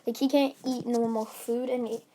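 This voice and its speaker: A woman's voice: on the high side, level tone, moderate pace, dark tone. A woman casually retelling a fan story, rambling with many fillers and restarts.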